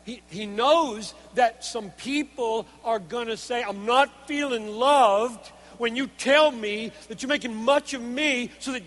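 A male preacher with a strikingly high voice delivers an earnest sermon. He drops to hushed tones and then presses his points with force. A long hall reverb trails after his words. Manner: earnest, emphatic, shifts between hushed and forceful.

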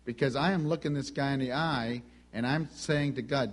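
A man preaching a sermon, telling a personal story in a conversational, animated way and acting out the dialogue. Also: medium pitch, normal speed, few pauses.

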